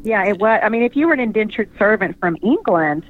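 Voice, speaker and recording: A woman author chatting casually, often pausing to search for words. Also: medium pitch, expressive. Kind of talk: casual call-in chat. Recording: tinny phone line.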